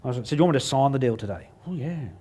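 A man's voice: medium pitch, expressive, very fast, a little mellow. A middle-aged Australian man giving a humorous talk on stage, telling a story and acting out the dialogue in a self-mocking way. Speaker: motivational speaker.

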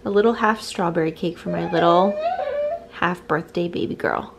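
A woman's voice: on the low side, moderate pace, gravelly, heavy background noise. A woman, a mother, chatting casually to the camera in her home kitchen, bubbly and laughing often, with rambling asides. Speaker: family vlogger and mother. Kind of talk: casual vlog chat to camera.

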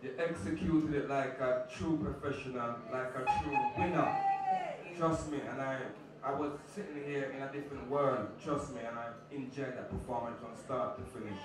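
A man's voice: mid-range voice, fairly even intonation, moderate pace. A man judging a talent show, giving earnest, emphatic praise. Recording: echoey hall, far from mic, loud crowd.

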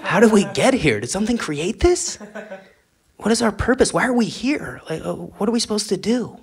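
A man's voice: high voice, very animated, moderate pace, breathy edge, voice pushed up, exaggerated voice. A man on stage voicing a bewildered creature asking puzzled questions about existence.

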